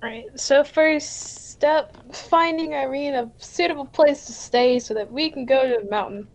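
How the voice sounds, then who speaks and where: Brief: playful woman player, fairly high voice, casual table talk. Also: measured pace. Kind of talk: tabletop game play, partly in character.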